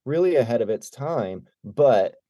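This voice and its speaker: A man's voice: mid-range voice, unhurried, no echo. A middle-aged man, a guest drummer, telling stories casually and acting out other people's lines. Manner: animated, acts out quoted dialogue. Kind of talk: casual storytelling.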